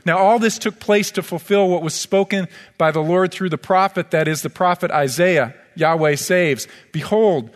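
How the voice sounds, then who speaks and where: Man, pastor, earnest sermon, fairly high voice, long church reverb. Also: normal speed, few pauses. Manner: earnest, pleading preaching with scripture quotes. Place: church sanctuary.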